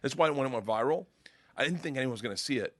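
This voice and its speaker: A male comedian telling a story on a podcast in a loud, profane, animated way. His voice is bright and swings widely in pitch. The recording is dry and close. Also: fast talker, dry recording. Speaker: comedian guest.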